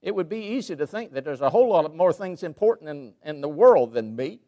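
Emphatic pastor preaching a sermon. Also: male voice, a little high, big pitch swings, brisk. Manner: emphatic, swinging between loud peaks and quiet asides. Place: church sanctuary.

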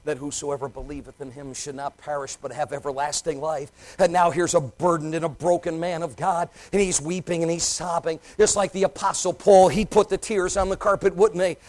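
A man preaching a Baptist sermon, swinging between ringing, loud declarations and hushed, almost whispered lines, and reciting scripture in a cadenced preaching tone. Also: on the high side, fairly even intonation, fairly quick, low-quality recording. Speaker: Baptist pastor.

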